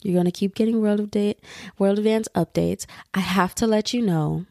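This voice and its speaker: A woman's voice: medium pitch, fairly even intonation, moderate pace, creaky, a little mellow, dry recording, studio quality. A young woman hosting her own podcast, rambling in casual chat and laughing often. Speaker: podcast host.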